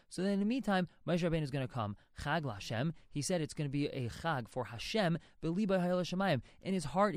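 A man's voice: fairly high pitch, dry recording, clean studio sound. A man teaching a religious text line by line, reading each phrase and then translating and explaining it. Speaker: Torah teacher.

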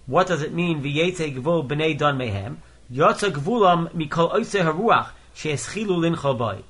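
Bright-voiced man teaching Torah. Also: on the high side, expressive, normal speed, husky. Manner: reads each Hebrew phrase then explains it in English. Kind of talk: Torah lesson, reading Hebrew verses and translating line by line.

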